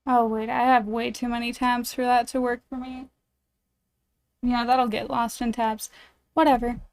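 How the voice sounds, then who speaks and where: A woman with a fairly high voice, flat delivery, and normal speed streams a dating game, reading it aloud. She chats with her viewers in a bubbly, giggly, self-deprecating way.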